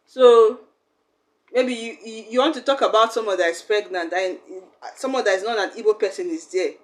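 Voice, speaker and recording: A woman's voice: mid-range voice, moderate pace. A young woman, teaching a language lesson in a chatty, explaining way. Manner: chatty, acts out little quoted exchanges.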